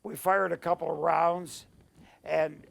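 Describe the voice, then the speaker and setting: An older man, a war veteran, recounting memories in an oral history interview, halting and searching for words, at times emotional. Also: a little high, fairly even intonation, a bit bright. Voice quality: gravelly.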